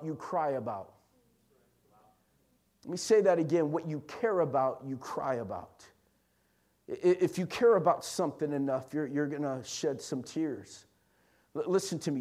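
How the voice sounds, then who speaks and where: A pastor preaching a sermon, swinging from quiet, intimate asides to loud, emphatic lines and repeating key phrases. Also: male voice, on the high side.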